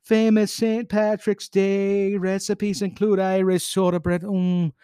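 High-voiced man hosting a podcast. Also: flat delivery, unhurried, dark tone, smooth, no room sound, studio quality. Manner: playful, breaks off reading for quips. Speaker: podcast host. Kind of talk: reading history aloud with jokey asides.

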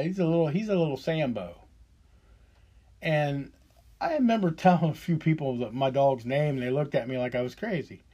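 A man's voice: medium pitch, warm tone. A man in his fifties delivering a profane, heated and sarcastic solo rant as a podcast host. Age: 50s.

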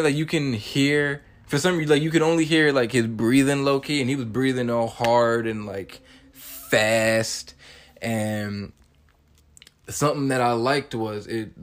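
Excitable young man recapping a movie. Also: medium pitch. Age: 20s. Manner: excitable, acts out characters' lines in quick bursts. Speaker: podcast host. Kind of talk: animated casual movie recap.

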